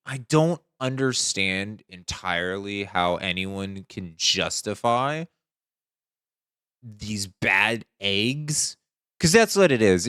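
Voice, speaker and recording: Smooth-voiced indignant male streamer. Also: mid-range voice, a bit bright, no echo, studio quality. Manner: earnest and indignant, repeats points. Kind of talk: casual commentary to camera.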